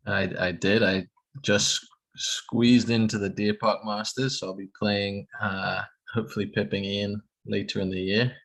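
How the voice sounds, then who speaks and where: A man's voice: on the low side, little pitch movement, measured pace, vocal fry, fairly bright tone, low-quality recording. A man, a golf professional guest talking in a modest, hesitant way in casual chat.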